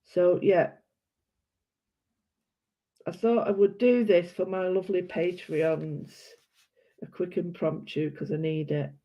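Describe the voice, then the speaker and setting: A woman's voice: fairly low pitch, fairly even intonation, takes it slowly, pauses often. A British woman chatting casually and rambling while she colours, often correcting herself. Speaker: art vlogger. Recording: dull lo-fi sound.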